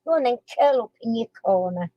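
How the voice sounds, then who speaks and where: A woman's voice: a little high, lively intonation, a little fast, dry recording, lo-fi sound. A chatty woman, hosting a casual live chat and quiz stream, giggling and cooing to her dog between guesses.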